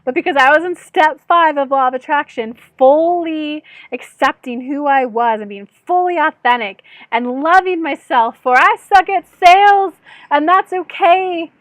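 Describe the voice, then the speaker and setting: A woman with a high voice tells a personal story straight to her viewers, chatty and candid, poking fun at herself. She speaks as an intuitive channel and life coach, recorded dry and close with no room sound. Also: a little slow, no room sound. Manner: chatty, candid, self-deprecating, often calls viewers "guys". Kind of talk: storytelling vlog addressed to viewers.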